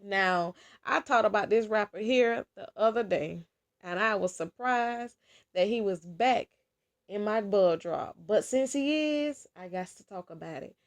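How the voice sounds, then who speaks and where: A woman's voice: medium pitch, measured pace. A woman vlogger chatting casually about celebrity gossip, talking straight to her viewers and laughing often.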